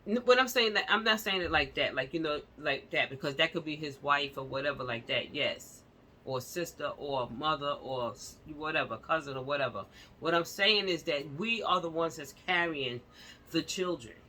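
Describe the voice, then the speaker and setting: A woman's voice: low-pitched, moderate pace, sharp tone, slight background noise. A woman vlogger at home, giving impassioned casual commentary on a news story and speaking straight to her viewers with repeated fillers.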